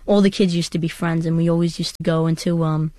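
A seventeen-year-old girl records a personal audio diary, chatting casually about her life and rambling with plenty of fillers and restarts. Her voice sits low, with a level tone, a quick pace, and a mellow quality, though the audio is poor.

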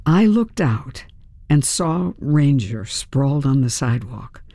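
A woman voicing a soft-spoken male police officer who talks quietly about his dog, in an audiobook. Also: rumbling low, very animated, takes it slowly, dry recording, studio quality, exaggerated voice. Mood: subdued, worried. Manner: quiet, hushed. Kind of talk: audiobook character reading.

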